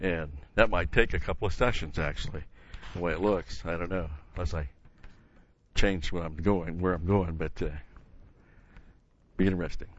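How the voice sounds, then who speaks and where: A man's voice: deep voice, moderate pace, pauses often, fairly bright tone, dull audio. A man teaching a Bible study in an earnest, emphatic way, stopping often with "uh" and restarting phrases.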